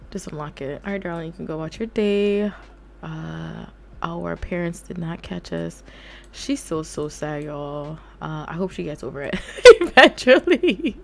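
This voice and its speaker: A young adult woman giving casual let's-play commentary, animated and often laughing as she talks to her viewers. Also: lowish voice, a little slow, gravelly. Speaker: gaming YouTuber.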